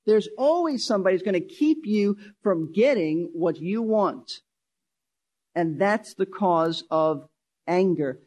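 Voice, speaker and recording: A man's voice: high voice, expressive, slow pace, darkish tone. A pastor preaching a sermon, emphatic, repeating key phrases and shifting his pace.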